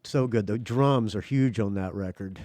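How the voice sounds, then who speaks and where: A man's voice: lowish voice, moderate pace, dark tone, dry recording. A male podcast host interviewing a guest in a chatty, enthusiastic way. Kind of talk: casual interview.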